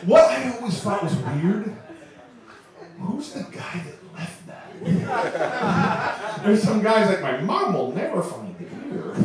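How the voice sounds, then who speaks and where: On a roomy comedy club stage, an animated, high-voiced young comedian in his twenties chuckles his way through his stand-up set. Echo, a distant mic, and audience sounds fill the recording.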